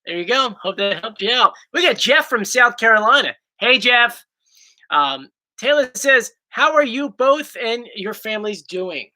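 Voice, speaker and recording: A man's voice: very high-pitched, expressive, a little slow, bright, forceful tone. A man hosting a casual livestream chat, playful and teasing his partner. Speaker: host.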